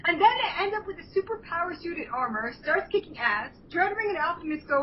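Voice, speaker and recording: A young woman with a high voice hosts a casual fan chat, rambling through plot recaps and acting out the quotes. She sits back from the mic, and the sound is dull and lo-fi with a faint hiss. Her recaps come in long loose runs with fillers. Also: sing-song, fairly quick, distant mic. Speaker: show host.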